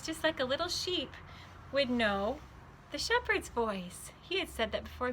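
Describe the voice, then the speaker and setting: A woman teaching a children's Bible club, telling a story in an animated way and asking the children questions. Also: fairly high pitch, unhurried, background noise. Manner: animated, asks children questions, says their names.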